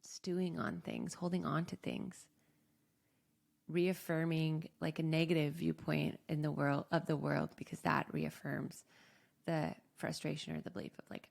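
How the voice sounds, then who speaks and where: A young adult woman, a life coach, calmly guiding listeners through a self-help exercise, often saying "like.". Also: low voice, vocal fry. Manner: calm, slow guiding with frequent "like".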